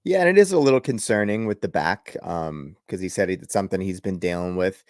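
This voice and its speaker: A man's voice: deep voice, brisk, no echo, clean studio sound. A young man from the Boston area, co-hosting a casual sports chat in a rambling, laughing way. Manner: relaxed, rambling, laughs often. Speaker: podcast co-host.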